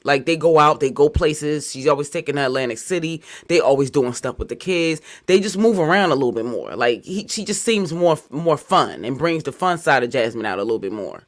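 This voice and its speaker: Give me a man with a highish voice giving relaxed, chatty commentary. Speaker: commentator reacting. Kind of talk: casual chat.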